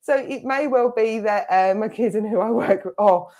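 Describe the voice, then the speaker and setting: A woman's voice: a little high, moderate pace, warm tone. A middle-aged woman giving a clairvoyant reading as a spiritualist medium, chatty and full of quoted asides. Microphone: online service stream.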